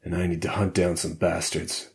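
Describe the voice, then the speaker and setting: Low-voiced guy doing a cold hardened spy, deep and flat, clipped, audiobook thriller. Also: normal speed, vocal fry. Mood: grim. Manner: flat, clipped, matter-of-fact. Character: hardened male ex-CIA operative, grim and cold.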